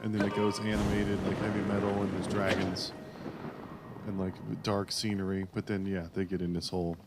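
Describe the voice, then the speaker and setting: A man's voice: low-pitched, little pitch movement, brisk, over loud music. A man co-hosting a casual gaming podcast, laid-back and jokey, laughing often. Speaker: podcast co-host.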